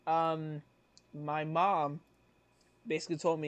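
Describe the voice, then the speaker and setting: A man in his twenties, a co-host on a casual podcast, tells a story in a fairly high-pitched voice at a moderate pace. He rambles, uses fillers, corrects himself, and laughs often as he talks.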